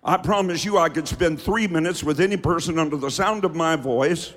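A man preaching a fiery sermon from the pulpit, dropping to low asides and rising to shouted refrains. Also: fairly quick. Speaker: pastor. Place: church sanctuary with reverb. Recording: hall reverb from a large church.

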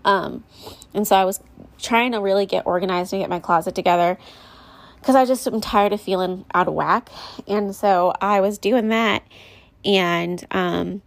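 A woman's voice: mid-range voice, moderate pace, gravelly. A young woman and mother talking candidly to her viewers in a rambling, confessional way, full of fillers and restarts. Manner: rambling, confessional, lots of likes and ums. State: close to tears. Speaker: mom vlogger. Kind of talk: candid personal vlog chat.

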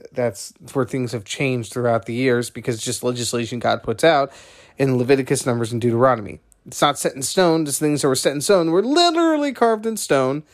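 A man hosting a podcast, talking through his views in a rambling, conversational monologue that keeps digressing. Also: medium pitch. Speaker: podcast host. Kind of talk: casual monologue.

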